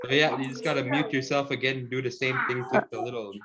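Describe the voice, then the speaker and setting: A man teaching a language lesson over a video call, relaxed and encouraging, laughing often. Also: mid-range voice, fast, over a noisy crowd.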